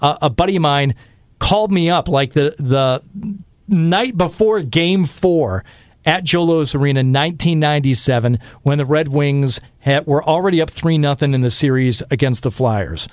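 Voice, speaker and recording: A man's voice: on the high side, normal speed, no echo, clean studio sound. A man in his fifties from Michigan, a radio host telling stories in a rambling way with many fillers. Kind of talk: casual podcast interview.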